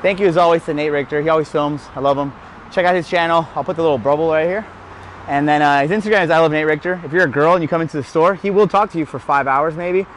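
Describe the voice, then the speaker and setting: A somewhat high-voiced man explains tricks in a loose, joking way and teases himself along the way. He is out of breath and talks into a lapel mic outdoors. Faint traffic hums behind him. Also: quick pace. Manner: joking, self-mocking, chatty. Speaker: BMX rider hosting a how-to. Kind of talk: casual spoken tutorial. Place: outdoors by a street rail.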